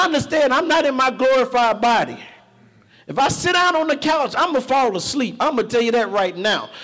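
High-voiced man preaching with shouted emphasis. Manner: preaching with shouted, rising emphasis and humorous personal stories. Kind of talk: sermon. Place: church.

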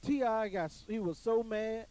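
A man's voice: high voice, normal speed, mellow, poor audio. A man telling a story to an audience in an emphatic, preachy way, often repeating his phrases. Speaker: commentator on church life.

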